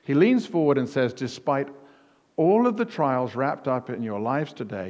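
A man preaching a sermon as pastor, emphatic, with punchy repetition that rises to near-shouts on key words. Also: medium pitch, lively intonation, normal speed. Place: church hall. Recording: long reverb of a church hall.

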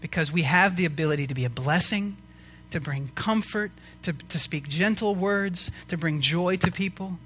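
Male pastor, earnest emphatic sermon delivery, bright tense tone, faint hum behind. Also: on the high side. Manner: earnest, rising to emphatic preaching with rhetorical questions.

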